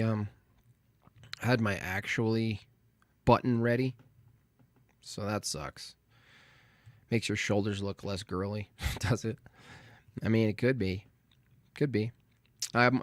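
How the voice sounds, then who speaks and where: Fixing his stream setup as he goes, a Canadian livestream host with a lowish voice chats casually, rambles and cracks jokes with viewers. The audio is dry.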